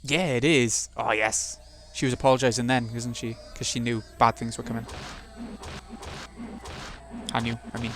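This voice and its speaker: A man's voice: mid-range voice, level tone, normal speed, pauses often, a bit bright. A man hosting a let's play, reading a visual novel's narration aloud and muttering asides to himself between passages.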